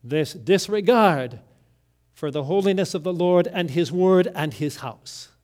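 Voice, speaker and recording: Slow, dramatic high-voiced male preacher. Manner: deliberate, with dramatic swings between loud emphasis and near-whispered lines. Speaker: pastor. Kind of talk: sermon.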